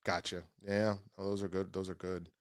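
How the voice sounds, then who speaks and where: A man hosting a casual show reads viewer comments from the live chat aloud in a laid-back way. His low voice holds a fairly flat pitch at a normal speed, with no echo in the recording.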